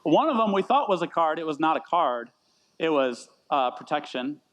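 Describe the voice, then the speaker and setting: Self-deprecating pastor, rambling and chatty. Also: male voice, on the high side, big pitch swings, moderate pace, dull audio, slight background noise. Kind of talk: casual sermon with anecdotes. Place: church meeting in a brewery.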